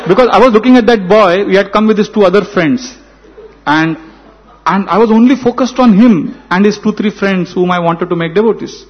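Animated high-voiced Indian preacher. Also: male voice, moderate pace. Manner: animated, acts out dialogue. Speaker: spiritual speaker. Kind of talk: storytelling sermon. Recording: dull lo-fi recording.

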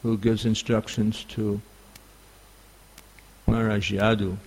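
A man with a New York accent giving a scripture class, halting and full of fillers. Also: fairly low pitch, flat delivery, a little mellow, slightly rough. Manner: halting, many fillers and restarts. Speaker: spiritual teacher.

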